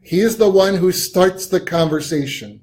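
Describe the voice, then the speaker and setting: Man teaching a relaxed Bible study. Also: high-pitched, normal speed. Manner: relaxed, thinks aloud with frequent ums and restarts. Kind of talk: conversational teaching.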